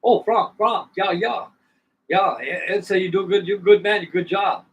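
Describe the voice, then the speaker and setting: A man's voice: sits high, steady tone, a little slow, lo-fi sound, pitched above the performer's own voice. A man putting on a hearty old pilot. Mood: friendly. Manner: broken English, hearty and welcoming. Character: cheerful older German man, former dive-bomber pilot. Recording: distant mic with faint background noise.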